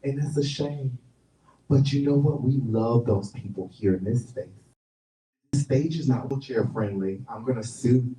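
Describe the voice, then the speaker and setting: A man's voice: medium pitch, measured pace, long pauses, warm tone. A man hosting a comedic live talk show on stage, teasing the audience with mock-serious banter. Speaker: host. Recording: roomy stage sound from far off.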